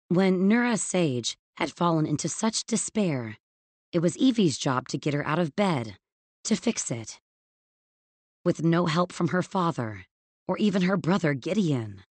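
A woman narrating a novel in a measured, expressive storytelling manner. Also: on the low side, no echo. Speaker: audiobook narrator. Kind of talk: scripted narration.

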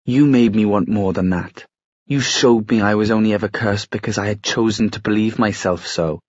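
A man's voice: fairly low pitch, normal speed, dry recording, clean studio sound, lightly acted. A man voicing an intense, reckless young shadow hunter in an audiobook, pleading and earnest.

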